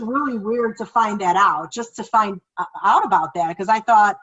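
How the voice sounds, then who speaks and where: A woman co-hosting a podcast who talks in a lively, excitable way and jumps into little acted-out versions of her own reactions. Her voice sits at a middle pitch. The recording sounds slightly muffled and dull. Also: moderate pace, hardly any pauses, husky. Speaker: co-host and children's author. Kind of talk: casual conversational storytelling.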